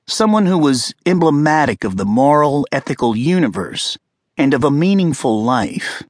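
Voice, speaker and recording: A cerebral male author lectures an audience in a cool, measured, detached way, as the narrator puts him on. His pitch moves in a lively way while the tone stays controlled. The audiobook recording is dry. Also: dry recording.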